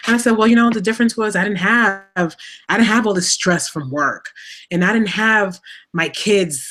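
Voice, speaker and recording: A woman shares a personal story on a talk show. She speaks candidly, full of fillers and little restarts. She grows animated as she retells it. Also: medium pitch, moderate pace.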